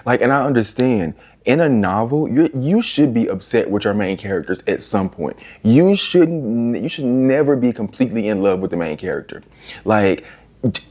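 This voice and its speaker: A young man reviewing books in a casual vlog, animated and exasperated, swearing freely as he rants. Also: lowish voice, normal speed, breathy edge. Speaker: book reviewer.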